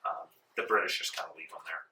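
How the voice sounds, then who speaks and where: A man narrating as game master in a tabletop game, relaxed, with many ums, in a library meeting room. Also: sits low, fast talker, a little hiss or hum. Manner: relaxed, full of ums, laughs along. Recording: roomy echo, distant mic.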